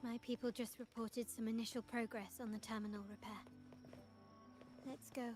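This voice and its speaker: A woman's voice: fairly high pitch, little pitch movement, over music, close to an everyday voice. Carlotta, a woman voicing a poised young noblewoman. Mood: calm resolve. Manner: composed, measured, commanding. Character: poised young noblewoman, family heir, investigator. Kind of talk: video game dialogue.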